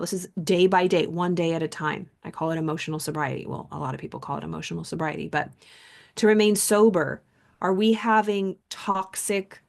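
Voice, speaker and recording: Animated woman coaching through a self-help book. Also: on the low side, gravelly. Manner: animated, mixes reading aloud with personal stories. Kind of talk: casual book commentary.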